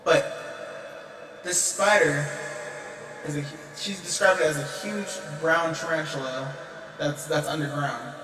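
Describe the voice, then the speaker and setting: A young man livestreaming, telling a rambling, animated story and laughing often. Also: fairly high pitch, unhurried, pauses often. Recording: echoey room, distant mic, guitar music. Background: guitar music.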